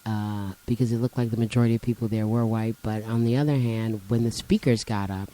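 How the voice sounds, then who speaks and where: A woman's voice: extremely low pitch, steady tone, a little fast, a crowd in the background, low-quality recording. A woman co-hosting a casual chat, teasing her partner and lecturing him on words and definitions. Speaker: co-host.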